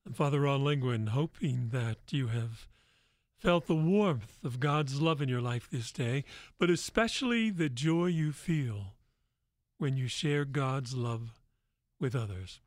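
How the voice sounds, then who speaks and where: Slow, gentle priest hosting a radio show. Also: male voice, medium pitch, lively intonation, dry recording, clean studio sound. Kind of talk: radio talk show storytelling.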